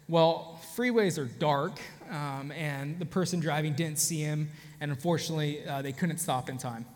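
A man's voice: on the high side, moderate pace, big-room sound. A man pastor giving a conversational sermon, telling a personal story and talking straight to the congregation with many restarts. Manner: conversational, frequent restarts, addresses audience directly.

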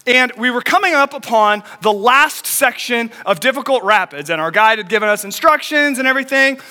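A man in young adulthood preaching a sermon as a pastor, telling a story quickly and with animation. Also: very high voice, lively intonation, bright, forceful tone, smooth, long reverb tail.

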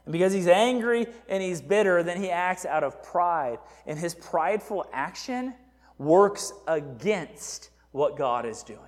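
A man preaching as a pastor in a casual, animated sermon who often checks in with "right?". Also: high voice, a little slow. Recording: echoey hall reverb.

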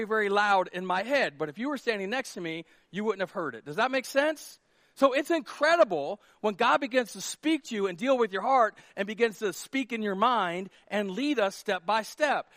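A man preaching a sermon as pastor, lively and self-mocking, often acting out quotes. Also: high voice, dry recording, studio quality. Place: church worship hall.

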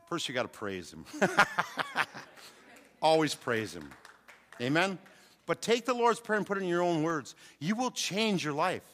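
An older man with a fairly high, slightly bright voice preaches to a congregation, calling out with growing fervor. The church hall carries a long reverb.

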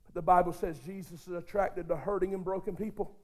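A male preacher with a strikingly high voice delivers a sermon. He goes from near-whispered intimacy up to shouted fervor and keeps calling on the congregation to respond. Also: fairly even intonation, brisk. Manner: addresses the congregation directly, calls for responses.

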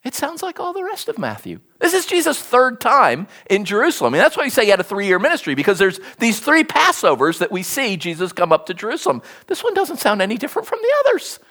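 A preacher giving an animated sermon, telling the story with bursts of energy and repeating words as it builds. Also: medium pitch, fast, hardly any pauses. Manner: animated storytelling with sudden hushed asides.

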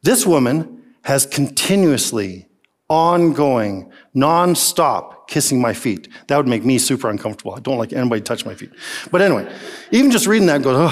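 A male pastor preaching a sermon, animated and emphatic, with many rhetorical questions to the congregation. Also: medium pitch, moderate pace.

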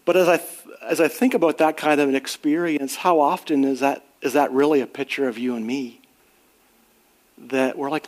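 A man's voice: medium pitch, fairly even intonation, normal speed. A middle-aged man preaching a sermon in an earnest, conversational way, rising on emphatic questions and sharing personal stories. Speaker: pastor.

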